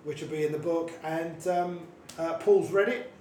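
A man, a comedian guest on a podcast, telling relaxed anecdotes in casual conversation. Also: a little high, moderate pace, echoey room, a little hiss or hum. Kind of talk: casual interview chat.

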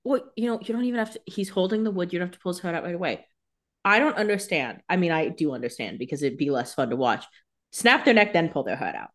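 A woman's voice: on the low side, expressive, fast talker. A woman co-hosting a podcast, chatting casually. She pokes wry fun at the plot with an easy, mocking delivery. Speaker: podcast co-host. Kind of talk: casual chat.

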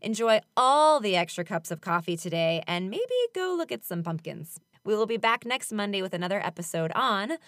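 Woman podcast co-host, lively pitch, giggly, trips over names while reading. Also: moderate pace, few pauses, dry recording, studio quality. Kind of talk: casual chat.

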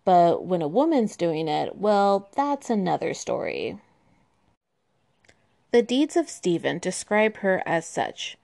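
A woman's voice: lowish voice, very animated, slow pace, vocal fry, a little mellow. A woman telling medieval history in an irreverent, sarcastic way, with profane asides. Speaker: history podcast host.

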